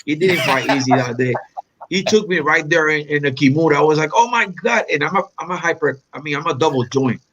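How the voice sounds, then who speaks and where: A man from Puerto Rico reminiscing in an interview, animated and acting out quoted lines with big pitch jumps. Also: quick pace, muffled recording. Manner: animated storyteller, acts out quotes with sharp pitch jumps, non-native phrasing. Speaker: interview guest, black belt.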